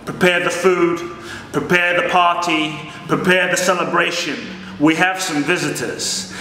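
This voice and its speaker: A man voicing a calm, wise old village elder who speaks unhurried and low in a live talk. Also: heavy reverb, in a large hall, slight background noise, exaggerated voice, low-quality recording.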